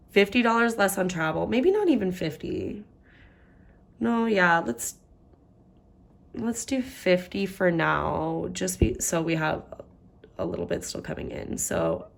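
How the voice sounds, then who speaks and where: Gravelly low-voiced woman budgeting aloud. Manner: chatty, thinks aloud while doing sums. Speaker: budgeting vlogger. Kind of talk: casual budget walkthrough.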